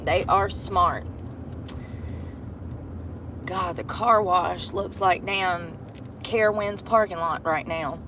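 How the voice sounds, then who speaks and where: A woman chatting casually on a livestream from inside her truck, telling animated stories and swearing freely. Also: lowish voice, takes it slowly, pauses often, background noise.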